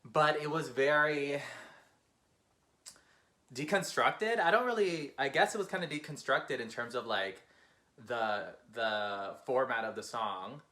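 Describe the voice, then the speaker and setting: Man reacting to an album, quick and gushing, bright clear tone. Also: medium pitch, animated. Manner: fast-talking, emotional, exclamatory. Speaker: music reaction host. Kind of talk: casual reaction commentary.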